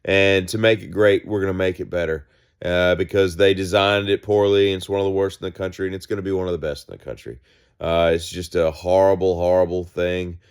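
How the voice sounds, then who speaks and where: A man's voice: low voice, flat delivery, fairly quick, clear, resonant tone. A man doing a mocking impression of an older male politician who talks in circles and repeats himself. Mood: boastful rambling. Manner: circular, repetitive phrasing. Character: rambling older male politician, repetitive boaster.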